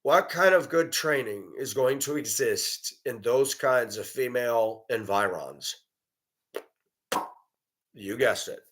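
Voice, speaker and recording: A man's voice: mid-range voice, animated, slow, fairly bright tone. A man giving a blunt, profane, indignant monologue and telling a story about a run-in. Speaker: commentator. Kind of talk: ranting monologue.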